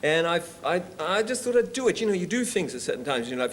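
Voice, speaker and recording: A man's voice: a little high, quick pace, few pauses. English man telling a comic anecdote. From England. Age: 40s. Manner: lively storyteller who slips into comic character voices. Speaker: comedian and actor, talk show guest. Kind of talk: anecdote telling on a TV chat show. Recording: 1970s TV studio recording, faint hiss.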